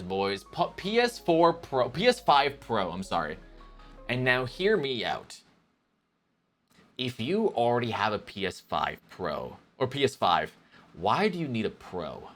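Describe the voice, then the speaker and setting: A man streaming live, chatting casually with his viewers in a rambling, animated way. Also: medium pitch, a little slow, soft background music. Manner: rambling, animated, talks to chat as "boys".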